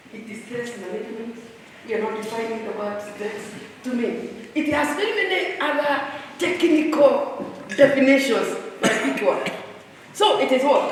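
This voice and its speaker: A high-voiced woman leads a staff workshop, teasing her listeners and calling on them for answers. Her voice rings through a long, echoey hall, picked up from well back with a faint murmur of the room behind her. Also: slight background noise. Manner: animated, teasing, quizzes the audience. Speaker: speaker at a staff retreat. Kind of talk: lively motivational workshop talk. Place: large hall with an audience. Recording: echoey hall, distant mic.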